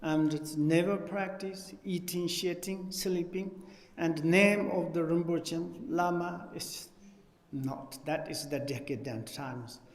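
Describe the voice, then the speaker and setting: Man teaching in an echoey hall. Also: a little high. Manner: halting non-native English, searching for words. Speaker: Buddhist teacher. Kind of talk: dharma teaching talk.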